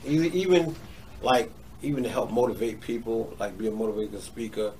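A man's voice: mid-range voice, fairly quick, a little mellow. A man being interviewed as a comedian, talking casually, repeating himself and agreeing eagerly. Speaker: comedian guest. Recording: distant mic, faint background noise.

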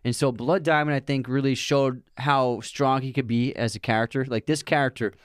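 A male podcast co-host offers opinionated takes on actors and films, talking through his views in a casual film discussion. His medium-pitched voice holds a steady tone at normal speed, with a clean studio sound free of room noise.

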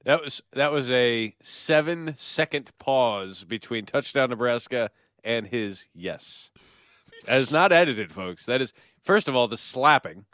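Lively bright-voiced man hosting a sports podcast. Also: medium pitch, unhurried, no room sound, studio quality. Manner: playful, laughs, mimics announcer. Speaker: podcast host. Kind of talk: casual sports podcast chat. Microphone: remote video call.

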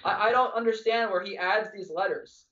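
A man with a high voice chats excitably as a podcast guest. He rambles, restarts and trails off mid-thought. The sound is dull and lo-fi. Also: normal speed. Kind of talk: casual podcast chat.

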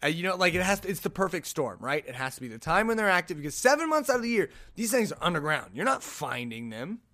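Animated man hosting a podcast. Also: on the high side, fast talker. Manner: animated, incredulous, fond of rhetorical questions. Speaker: podcast host. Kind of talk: casual solo podcast chat.

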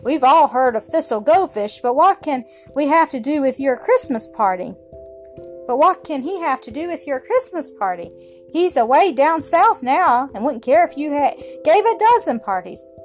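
Woman doing a doubtful little snow bunting bird, high, kinda skeptical. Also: big pitch swings, moderate pace, faint music behind.

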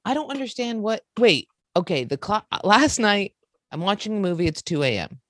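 A woman's voice: mid-range voice, sing-song, normal speed, no room sound, clean studio sound. A young woman co-hosting a casual chat podcast, blunt and swearing freely as she tells stories. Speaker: podcast co-host.

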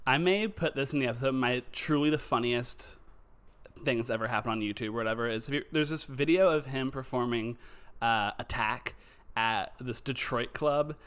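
A man's voice: medium pitch, moderate pace, a bit bright, clear, resonant tone. A young man co-hosting a chat podcast, joking in a campy, playful way and laughing often. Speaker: podcast co-host. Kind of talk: casual chat.

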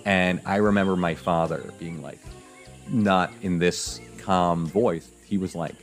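A man guest on a podcast, telling a personal story in a casual, animated way, acting out his parents' voices. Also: sits low, unhurried, faint music behind.

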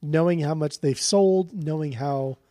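A man's voice: on the high side, unhurried, dark tone, no room sound, clean studio sound. A man co-hosting a podcast, giving a blunt, profane and rambling review of an album in casual chat. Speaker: podcast co-host.

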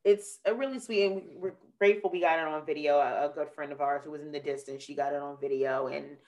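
A woman hosting a podcast, chatting casually and telling a rambling, animated story with acted-out quotes. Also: low voice, quick pace, crowd noise. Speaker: podcast host. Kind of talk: casual chat.

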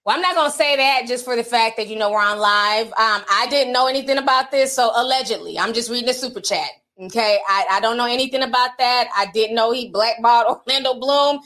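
A woman's voice: a little high, fairly quick, hardly any pauses, sharp tone. A woman hosting a casual livestream, chatting and reading out viewer super chats, laughing often.

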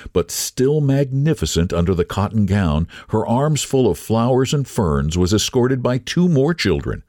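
A man who hosts a podcast, reading a literary story aloud in an expressive, measured storytelling manner. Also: on the low side, dry recording, clean studio sound. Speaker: podcast host and story reader.

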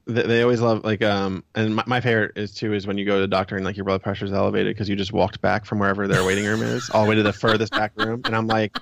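A man talking as a guest in a casual conversation, relaxed and agreeable, with halting starts. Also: on the low side, creaky, dry recording. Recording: dull, dry lo-fi sound.

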